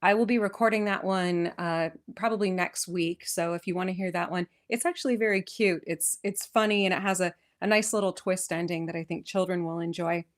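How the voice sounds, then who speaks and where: A woman's voice: fairly low pitch, fairly even intonation, a little fast, hardly any pauses. West coast american woman podcaster, reads old poems then chats away, upbeat, keeps restarting sentences. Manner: chatty, enthusiastic, with frequent restarts. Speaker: podcast host. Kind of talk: poetry reading and casual history chat. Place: lives in England.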